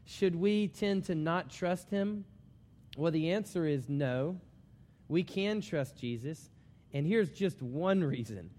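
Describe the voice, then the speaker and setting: A man preaching a sermon, telling a personal story in an animated storytelling manner. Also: a little high, slow pace, in a large hall. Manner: storytelling, animated when excited.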